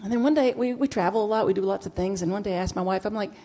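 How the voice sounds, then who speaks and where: A woman minister giving a storytelling sermon, acting out dialogue with big jumps in pitch and loudness. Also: racing. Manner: animated, acts out dialogue with big swings in pitch and volume. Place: church sanctuary.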